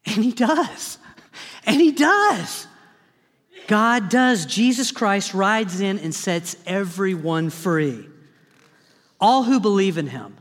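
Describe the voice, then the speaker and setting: Man, pastor, animated dramatic sermon, high voice, long hall reverb, church sanctuary. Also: slow pace. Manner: animated, dramatic preaching with humorous asides.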